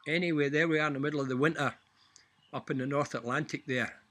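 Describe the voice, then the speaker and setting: A man spins an animated tall tale, swearing freely as he builds to a deadpan punchline. His voice sits a touch high and sounds bright and forward. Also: fast talker. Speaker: storyteller.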